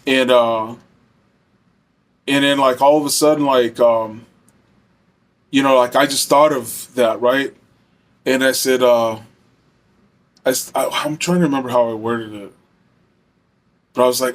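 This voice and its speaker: Young man, casual storytime, rambling, lots of fillers, mid-pitched. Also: measured pace, long pauses. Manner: rambling, heavy fillers, profane.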